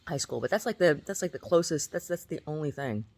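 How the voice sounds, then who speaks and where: Speaking to her camera in a low, expressive voice at a fairly quick pace, a middle-aged woman vlogger rambles through stories. She laughs at herself as she goes, repeating words and frequently restarting in a casual monologue.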